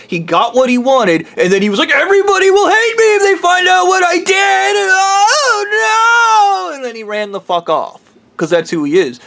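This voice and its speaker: A man ranting heatedly in a rambling, profane vlog monologue. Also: sits high. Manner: heated, rambling, swears freely. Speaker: vlogger.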